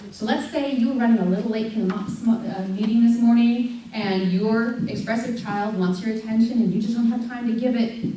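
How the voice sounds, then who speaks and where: A middle-aged woman giving a lively talk to a parents' group, acting out stories with big jumps in her voice and frequent laughs. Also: brisk. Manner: animated storyteller, acts out voices of her daughter with big pitch jumps and laughs. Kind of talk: live talk to an audience. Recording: echoey hall from far off, faint hum.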